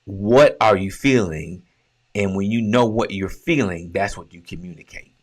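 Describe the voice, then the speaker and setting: A man with a low, deep voice delivers a relationship coaching talk. He speaks emphatically and conversationally, posing questions and answering them himself like a teacher. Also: normal speed. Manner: conversational, with colloquial phrasing.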